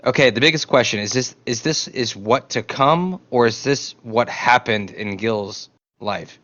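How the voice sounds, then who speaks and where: Excitable, swearing man at the table. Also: mid-range voice, measured pace, no echo. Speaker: player. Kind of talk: casual tabletop game chat. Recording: dull lo-fi audio.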